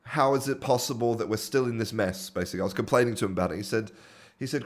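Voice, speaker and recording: A man hosting an interview, enthusiastic but halting, with many restarts. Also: medium pitch. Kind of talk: conversational interview.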